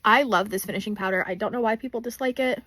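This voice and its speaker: A woman's voice: mid-range voice, fast talker, fairly bright tone, dry recording. A young woman chatting casually as she swatches makeup in a vlog, gushing over products. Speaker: beauty vlogger.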